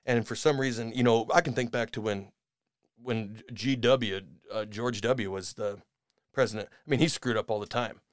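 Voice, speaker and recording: A man hosting a podcast in a rambling, sarcastic comedic rant, dropping to mutters and rising to shouts. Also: on the low side, fairly even intonation, normal speed, dry recording, studio quality. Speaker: podcast host.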